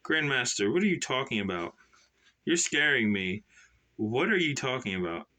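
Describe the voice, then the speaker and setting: A man's voice: mid-range voice, big pitch swings, moderate pace, sharp tone. A man doing a bewildered young assassin. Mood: alarmed. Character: earnest young male assassin, bewildered and alarmed. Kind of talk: self-published novel read aloud.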